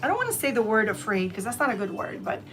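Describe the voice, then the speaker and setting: A woman's voice: on the high side, very animated, fast talker, a bit bright, faint music behind. A woman in her fifties from Florida hosting a live-stream gift-wrapping tutorial, chatty and wandering off track as she talks to her viewers. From Tampa area, Florida, US. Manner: chatty and digressive, often addresses viewers as y'all. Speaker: craft channel host.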